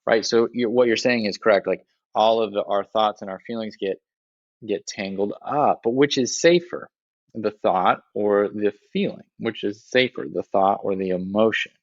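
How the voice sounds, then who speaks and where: A man's voice: on the low side, moderate pace, dry recording, dull audio. A man in a podcast conversation, explaining reflectively and often checking in with "right?" as he talks.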